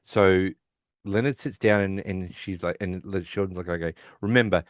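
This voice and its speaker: A man's voice: low-pitched, steady tone, moderate pace, dry recording, clean studio sound. A man co-hosting a podcast, casually retelling a sitcom episode and acting out the characters' lines. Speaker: podcast co-host.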